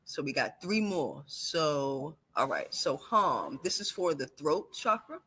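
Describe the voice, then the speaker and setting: Guest man leading a guided breathing exercise, calm slow counting, voice a bit on the high side. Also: breathy edge. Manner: calm, slow counting instructions with warm laughs.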